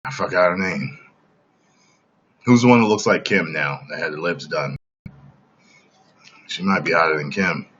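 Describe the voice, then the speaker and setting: A man with a very deep, low voice chats on a livestream. He talks emphatically, keeps checking in with "okay?", and sounds dull and lo-fi. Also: moderate pace, pauses often, a bit bright, husky. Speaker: livestream host. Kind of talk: casual livestream chat.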